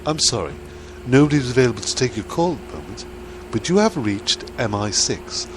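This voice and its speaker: A prim, formal phone-menu announcement, put on by a man, pitched low with a swooping, lilting delivery. It sounds over a noisy line. Every phrase is overly proper. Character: stiff formal male phone-menu recording. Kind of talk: prank phone bit.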